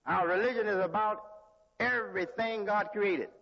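Husky high-voiced man preaching slow with lots of pauses, dull old recording, big echoey hall. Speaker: religious leader. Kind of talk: sermon. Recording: lo-fi hall recording with long reverb.

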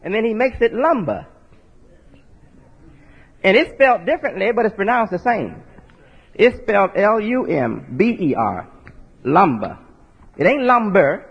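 Gravelly and breathy-edged, this preacher's high voice swings widely in pitch at normal speed and pauses often as he spells out words in a folksy sermon. He keeps checking in with listeners, ending asides with "right?", over dull lo-fi audio with long hall reverb.

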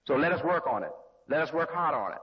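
Husky high-pitched man preaching in a hall. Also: lively intonation. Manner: slow, deliberate preaching with pauses and restarts. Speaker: religious leader. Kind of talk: sermon. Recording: lo-fi hall recording with long reverb.

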